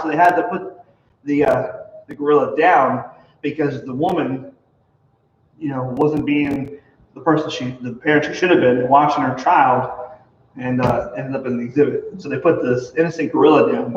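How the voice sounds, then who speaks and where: A man's voice: fairly high pitch, a little hiss or hum. A man, a pastor, chatting casually and rambling with lots of likes and you knows. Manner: rambling, many fillers and restarts. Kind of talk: casual chat. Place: church hall. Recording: echoey hall, far from mic, dull.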